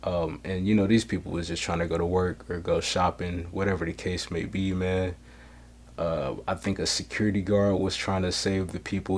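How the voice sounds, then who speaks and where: A man hosting a solo podcast, talking bluntly with heavy swearing, getting loud when worked up. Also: deep voice. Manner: blunt, profane street talk. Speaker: podcast host.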